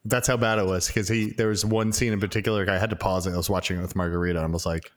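A man's voice: low voice, fairly even intonation, racing, hardly any pauses. A man casually recapping a movie he watched, rambling with lots of fillers and swearing. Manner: rambling, profane, many fillers. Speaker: podcast co-host reviewing a movie. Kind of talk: casual chat.

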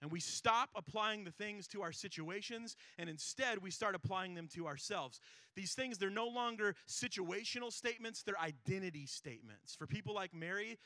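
A man's voice: high voice, moderate pace, pushed and bright, dry recording, clean studio sound. A man preaching an earnest, emphatic sermon, asking rhetorical questions and reading scripture aloud. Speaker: pastor.

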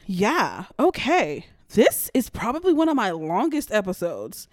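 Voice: mid-range voice, animated, measured pace, few pauses, no echo, studio quality. A young adult podcast host ranting casually and bluntly, full of profanity and gossip. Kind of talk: solo podcast rant.

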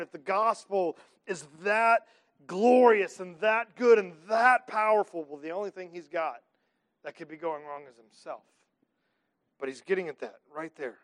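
A man in his thirties preaching a sermon as pastor, swinging between loud declarations and hushed, near-whispered lines. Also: fairly high pitch.

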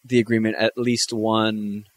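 A man's voice: on the low side, flat delivery, unhurried, dry recording, clean studio sound. A man co-hosting a podcast in casual chat, hesitant and full of ums and uhs. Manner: hesitant, plenty of ums and uhs, laughs easily. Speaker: podcast co-host.

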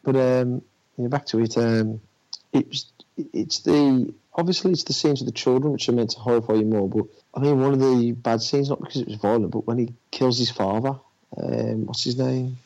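A man's voice: mid-range voice, moderate pace, a little mellow. Hesitant man, dull lo-fi sound. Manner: hesitant, many fillers and restarts. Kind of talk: casual chat. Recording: dull lo-fi audio.

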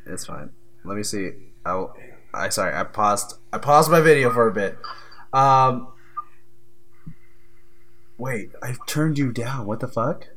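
Chatty young man, mid-pitched voice. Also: animated, slow, pauses often, fairly bright tone. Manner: chatty, loose, stumbling over words. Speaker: podcast co-host. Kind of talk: casual chat.

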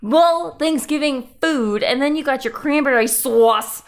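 A woman joining a casual podcast chat, playful and teasing with an eager, enthusiastic drive. Her voice sits a little high. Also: a little slow.

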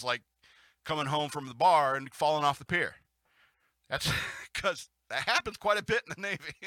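A man's voice: mid-range voice, sharp tone, no echo. A man hosting a talk radio show, rambling and chuckling through casual commentary and news reading, with frequent restarts.

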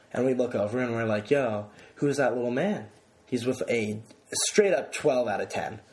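A young man hosting a podcast, telling stories in an excitable, casual way and swearing freely. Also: medium pitch, a little hiss or hum. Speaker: podcast host.

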